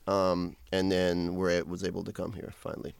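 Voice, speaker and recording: A man's voice: deep voice, monotone, moderate pace, gravelly, smooth, no room sound. A man in his forties, born in Iran, telling loose stories on a podcast, swearing and acting out quotes. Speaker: podcast guest. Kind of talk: casual podcast chat.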